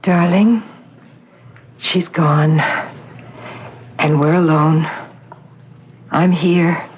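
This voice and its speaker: An actress playing a scheming woman who poses as a gentle mother, speaking in a soft, coaxing, soothing way, in 1970s radio drama acting. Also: fairly low pitch, fairly even intonation, drawn-out words. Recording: dull old radio recording, faint hiss.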